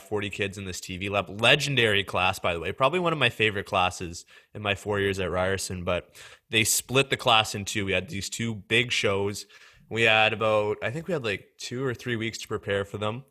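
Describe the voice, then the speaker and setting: Young canadian host guy, bright forceful tone, chatty, kinda low voice. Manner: chatty, adds backstory with fillers. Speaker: podcast host. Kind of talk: casual podcast chat.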